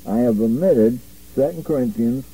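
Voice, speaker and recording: Husky, dark-voiced man teaching scripture. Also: medium pitch, normal speed, poor audio. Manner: reads verses in stiff literal wording, then explains emphatically. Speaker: Bible teacher. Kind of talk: apologetics course lecture.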